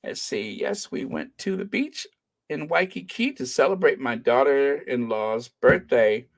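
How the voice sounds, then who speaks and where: Middle-aged guy rambling and joking about places he wants to go, normal pitch, dry dead room. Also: animated, measured pace, vocal fry, no echo. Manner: rambling, joking and musing aloud. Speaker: travel vlogger. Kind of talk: casual chat.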